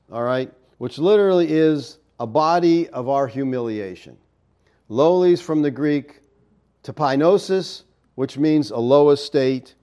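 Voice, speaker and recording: A man's voice: a little high, mellow. Give me a man teaching a sermon who breaks down Greek grammar and often asks "okay?". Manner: explanatory, checks in with "okay?" often. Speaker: preacher.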